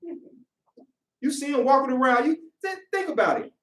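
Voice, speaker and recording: A man preaching a sermon, animated, acting out the people he describes in quoted voices and shouting at times. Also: extremely high pitch, normal speed. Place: worship hall. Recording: echoey room, voice from a distance.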